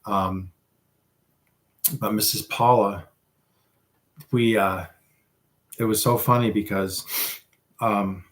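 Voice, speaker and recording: A man's voice: on the low side, fairly even intonation, takes it slowly, long pauses. A man hosting a casual livestream, chatting with viewers in a rambling, self-deprecating way. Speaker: livestream host.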